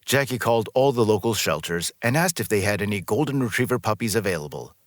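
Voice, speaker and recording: A man reading a scripted story as narrator in a smooth, even storytelling manner, close to the mic. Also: lowish voice, fast, dry recording.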